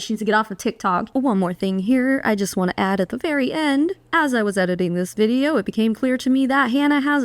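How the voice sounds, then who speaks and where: A young woman giving blunt, sarcastic reaction commentary, swearing freely. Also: a little high. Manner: blunt, sarcastic, swears freely, mocks with put-on whiny voices. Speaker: commentary YouTuber.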